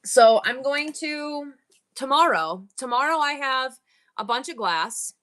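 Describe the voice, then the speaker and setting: A middle-aged woman from upstate New York hosts a live online sale, chatting fast and nonstop with her viewers. Her voice sits a little high and sounds bright and forceful. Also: expressive. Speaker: online auction seller. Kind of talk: live-stream selling chat.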